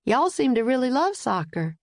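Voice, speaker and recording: A woman's voice: high-pitched, sing-song, normal speed, a little mellow, no echo, clean studio sound, voice pushed up. Woman doing a Southern guard's drawl. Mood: friendly. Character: friendly adult male embassy guard.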